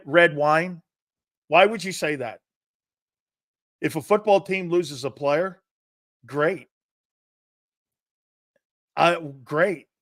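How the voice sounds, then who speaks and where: A man hosts a sports talk show in a blunt, combative manner, swearing freely and scoffing at soft opinions as he fires back at viewers' comments. His voice sits a little high for a man. The sound is dry and close, with no room echo.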